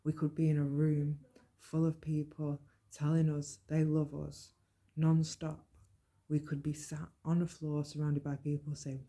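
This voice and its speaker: A woman giving an earnest, measured personal monologue about mental health. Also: sits low, monotone, mellow. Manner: earnest, measured, plain-spoken. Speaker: podcast host.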